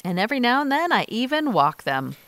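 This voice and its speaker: Middle-aged woman co-host, animated and bright, casual outdoor chat on a farm walk. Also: on the high side, a little fast, no echo. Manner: lively, calls loudly to her goats. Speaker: podcast co-host.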